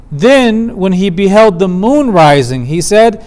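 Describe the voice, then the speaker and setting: A man teaching a theology lecture at a community center, explaining verses in a measured way and slowing down for quoted lines. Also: high-pitched, expressive, darkish tone. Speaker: Islamic studies teacher.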